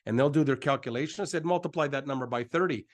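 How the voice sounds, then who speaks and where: A middle-aged man hosts a live presentation, talking fast through an excitable, repetitive sales pitch while hyping himself up along the way.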